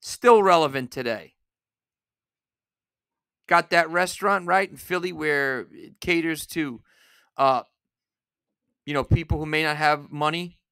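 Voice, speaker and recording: Pissed-off guy ranting solo on his podcast, swearing a lot, drawn-out slow delivery, dry close sound. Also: fairly high pitch, vocal fry, clear, resonant tone, no room sound. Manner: angry, profane, shouting rant. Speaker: podcast host.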